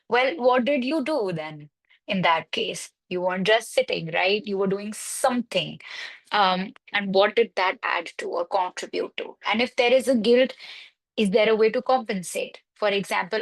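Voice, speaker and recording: A woman's voice: mid-range voice, measured pace, vocal fry, low-quality recording. A woman counseling psychologist in a webinar discussion, reassuring and explaining with everyday examples. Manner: reassuring, explains with examples and quoted parent worries.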